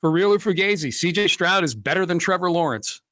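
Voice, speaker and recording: A man's voice: high-pitched, animated, brisk, a bit bright, no room sound. Chatty sports podcast host, a man. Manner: chatty, playfully needling his co-host. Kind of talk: casual sports talk.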